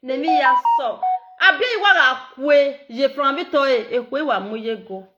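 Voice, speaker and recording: A middle-aged Nigerian woman with an Edo accent, talking in a casual, animated, repetitive way and laughing often. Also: high voice, moderate pace, lo-fi sound, a little hiss or hum. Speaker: social media live streamer. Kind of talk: casual monologue in Pidgin and Edo.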